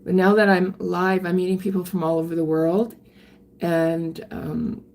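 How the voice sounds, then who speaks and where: An older woman, chatting candidly on a live stream and answering viewer comments in a halting way, often restarting her sentences. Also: lowish voice, flat delivery, creaky, a little mellow. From Canada. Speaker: livestreamer reading viewer comments. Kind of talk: casual live-stream chat.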